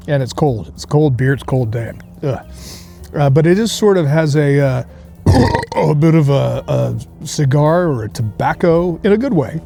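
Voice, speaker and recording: A man's voice: a little high, lively intonation, measured pace, gravelly, mellow, soft background music. A man hosting a casual beer review outdoors, rambling through jokey tasting notes with many fillers. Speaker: beer reviewer, show host. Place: outdoor beer garden on a cold day.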